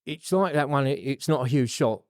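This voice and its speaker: A man's voice: medium pitch, lively intonation, fairly quick, a little mellow, no echo, studio quality. A middle-aged man, a podcast guest telling his recovery story in a rambling, candid way with fillers and swearing.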